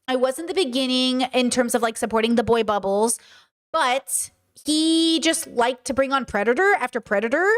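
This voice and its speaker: High-voiced Valley girl streamer. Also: moderate pace. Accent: California Valley girl. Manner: talkative, frequent "okay?" and "you know?" tags; mimics other people's voices and mannerisms. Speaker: streamer and podcast host. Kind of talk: livestream monologue, reading chat aloud.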